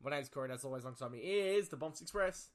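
A man with an Australian accent, hosting a casual sports podcast in a relaxed, laughing way. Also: medium pitch, fast talker. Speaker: podcast host.

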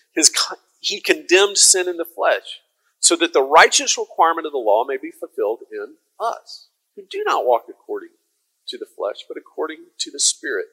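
A man preaching a sermon, conversational and casual, then rising to loud proclaiming. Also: on the high side, slightly rough, low-quality recording. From American South. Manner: conversational, swings from soft asides to loud proclaiming.

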